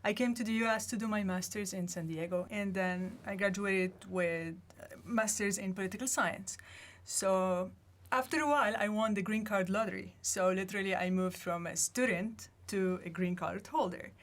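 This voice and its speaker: A woman from Lebanon, a language instructor, telling her story in a studio interview in a lively way and quoting her own thoughts. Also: medium pitch, normal speed. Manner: lively storytelling, quotes herself. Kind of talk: casual interview talk.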